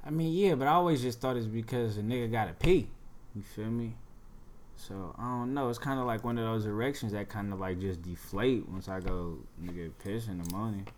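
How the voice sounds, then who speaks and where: A man's voice: on the low side, brisk, darkish tone. A young man chatting casually as a guest, laid-back and slangy, often tagging his sentences with a question. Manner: slangy, laid-back, keeps asking "you feel me?". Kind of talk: casual chat.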